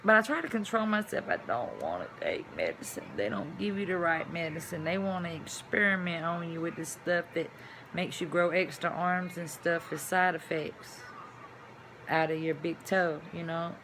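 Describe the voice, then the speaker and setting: A woman vlogger telling a personal story to camera, chatty and animated, dropping to hushed asides and rising to loud exclamations. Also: on the low side, slight background noise. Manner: chatty, addresses viewers as y'all.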